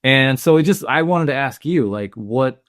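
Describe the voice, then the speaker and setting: A man's voice: medium pitch, animated, a bit bright, dry recording, clean studio sound. A man co-hosting a film podcast, talking things through thoughtfully in casual chat, often restarting his sentences. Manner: thoughtful, halting, with restarts and questions. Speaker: podcast co-host.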